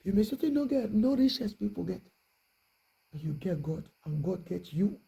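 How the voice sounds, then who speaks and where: Gravelly, hushed preacher. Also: mid-range voice, animated, normal speed, poor audio. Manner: hushed, repetitive, prayerful. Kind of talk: prayerful exhortation sermon.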